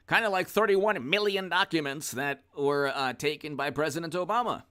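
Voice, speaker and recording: A man hosting casual political livestream commentary, who jokes, laughs easily and thanks viewers by name. His voice is bright and forward and sits a little above the usual male range. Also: on the high side, moderate pace, few pauses, smooth.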